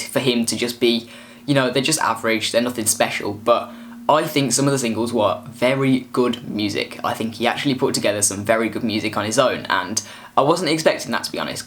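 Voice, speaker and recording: A man's voice: mid-range voice, fairly bright tone, slight background noise. A man giving a casual album review, rambling with frequent restarts. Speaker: music reviewer.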